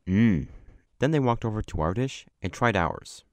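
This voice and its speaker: A man's voice: fairly low pitch, lively intonation, normal speed. A man narrating a personal story casually, chatty with many asides. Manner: chatty, with lots of likes and asides.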